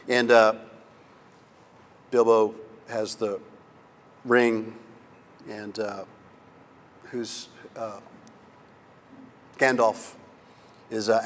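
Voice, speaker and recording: A man giving a conference lecture on preaching, telling stories in an animated, emphatic way. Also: mid-range voice, in a large hall.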